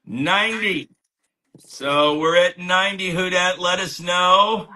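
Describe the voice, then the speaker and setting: A man with a bright, sharp, fairly high voice co-hosts a live comic sale. He passes along viewers' offers and greets the chat with playful, joking banter. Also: steady tone, measured pace. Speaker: co-host relaying chat offers. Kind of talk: live sales stream chat.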